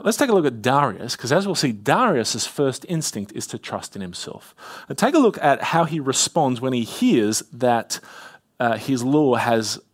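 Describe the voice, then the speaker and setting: A man preaching an expository sermon, reading scripture aloud with rising emphasis and dropping to a soft, low voice on key points.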